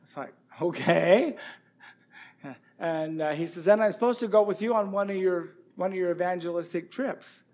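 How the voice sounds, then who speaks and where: A man's voice: sits high, normal speed, darkish tone. A middle-aged man preaching a sermon as pastor, rambling through a folksy anecdote full of quoted dialogue. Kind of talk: sermon with storytelling.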